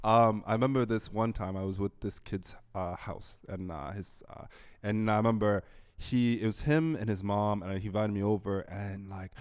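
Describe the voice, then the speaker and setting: A man hosting a podcast in casual chat, an animated storyteller who acts out other people's voices and laughs often. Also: fairly low pitch, moderate pace, smooth. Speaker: podcast host.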